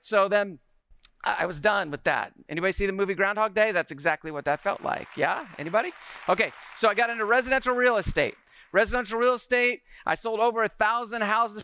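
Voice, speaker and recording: A man in his forties giving an energetic talk to a live audience, often asking the room questions. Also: sits high, smooth, dry recording.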